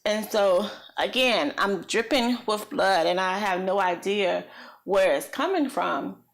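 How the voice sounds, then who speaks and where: Recounting something she lived through, a female vlogger speaks at medium pitch. Her delivery is slow, halting and full of pauses, with an earnest, reflective tone.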